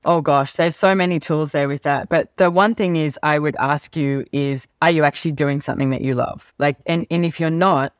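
A middle-aged woman guest on an interview show, telling stories and acting out past conversations with big jumps in pitch. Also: steady tone, normal speed, hardly any pauses, no room sound, clean studio sound. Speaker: guest, business author. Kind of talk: animated storytelling interview talk.

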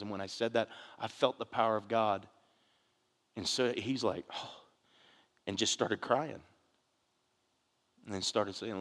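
A man's voice: lowish voice, moderate pace, long pauses. A man preaching a conversational sermon as a pastor, telling a story earnestly with frequent restarts. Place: church sanctuary. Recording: long hall reverb.

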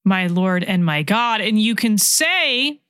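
A woman preaches at an unhurried, measured pace, repeating her key lines for weight. She sinks to a hushed whisper when she quotes scripture, and the recording is close and dry, with no room sound. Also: medium pitch, expressive, no echo. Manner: slow, reflective, repeats key phrases; drops to a soft whisper when quoting scripture. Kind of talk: sermon.

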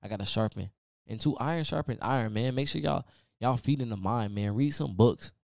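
A man's voice: mid-range voice, a little fast, gravelly, a little mellow, no echo, studio quality. A man hosting his own podcast, giving a casual, preachy motivational talk full of repeated "man" and "y'all.". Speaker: podcast host. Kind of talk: motivational solo podcast rant.

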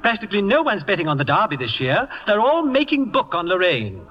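Vain English playwright, English accent, pompous, grandiloquent, very high voice, echoey muffled old radio. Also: male voice, big pitch swings, a little fast. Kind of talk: 1940s radio acting. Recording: muffled vintage radio with hall echo.

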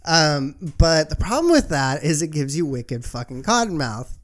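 A man's voice: fairly high pitch, very animated, moderate pace. A young man co-hosting a podcast, telling rambling stories with frequent laughs and casual swearing. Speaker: podcast co-host. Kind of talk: casual chat.

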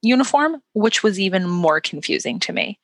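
A woman co-hosting a casual movie recap, telling the plot in an animated way and putting on mocking voices for the characters. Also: medium pitch, moderate pace, vocal fry, no echo. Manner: animated storyteller, acts out lines in mocking voices. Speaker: podcast co-host.

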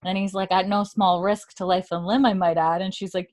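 A woman's voice: little pitch movement, a little fast, darkish tone. A young woman casually recapping a TV episode, chatting and acting out the characters' lines in a raised voice. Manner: chatty, acts out characters' lines with lifted pitch. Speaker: podcast host recapping a TV episode. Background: dog heard at times.

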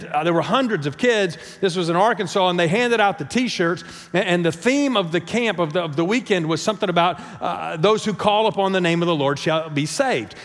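High-voiced preaching pastor in a big hall. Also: male voice, a bit bright. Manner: preaching with rising emphasis and frequent rhetorical "right?"; repeats words when starting phrases. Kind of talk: sermon. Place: church sanctuary.

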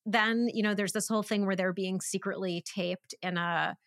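A woman co-hosts a relaxed podcast chat about a film, her talk full of "like" and "um" as she restarts her sentences. The sound is dry and close. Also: mid-range voice, moderate pace, no room sound. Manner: chatty, many fillers and restarts. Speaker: podcast co-host. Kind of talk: casual film discussion.

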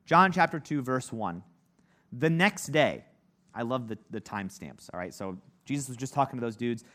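A man's voice: mid-range voice, animated, normal speed, a bit bright. A man teaching a casual Bible lesson, talking conversationally with lots of "like" and acting out the people in the story. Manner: conversational, heavy use of "like", acts out quoted voices. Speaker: preacher.

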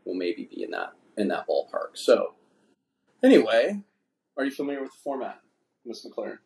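A man's voice: mid-range voice, sing-song, moderate pace, vocal fry, darkish tone. A man hosting a casual podcast chat, rambling and swearing freely. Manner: profane, rambling, laid-back. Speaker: podcast host. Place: indoors, drinking wine.

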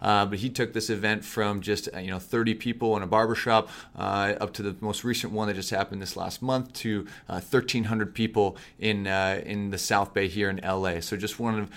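A man with a slightly low voice introduces a guest on a podcast. He sounds enthusiastic and pauses often on fillers. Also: fairly even intonation, a bit bright. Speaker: podcast co-host.

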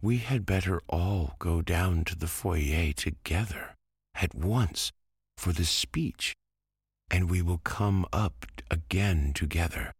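A man voicing a timid, frightened young ballet girl in a bedtime story reading, his voice lifted and soft. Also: low voice, slow pace, slightly rough, no echo, studio quality, pitched above the performer's own voice, exaggerated voice. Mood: fearful.

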